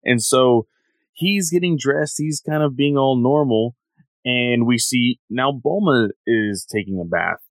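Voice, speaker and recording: A man's voice: mid-range voice, unhurried, no room sound. A man co-hosting a podcast, recapping a story in rambling casual chat with many fillers. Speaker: podcast co-host.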